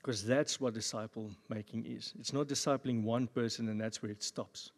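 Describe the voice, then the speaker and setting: A man pastor giving a sermon at a church service, with jokey, animated asides. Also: medium pitch, normal speed. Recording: long reverb of a church hall.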